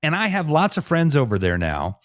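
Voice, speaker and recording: A man's voice: fairly high pitch, wildly swooping pitch, a little fast, no room sound, clean studio sound. A man with a Midwestern American accent, hosting a casual interview chat, loose and chatty and swearing offhand. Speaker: talk show host.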